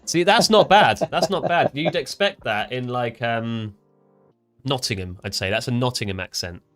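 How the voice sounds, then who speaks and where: A chatty man with an English accent talks in a bright, forward voice, rambling cheerfully and laughing often in a casual live-stream chat. Faint music plays underneath. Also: medium pitch, normal speed. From England. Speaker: fellow trader and streamer.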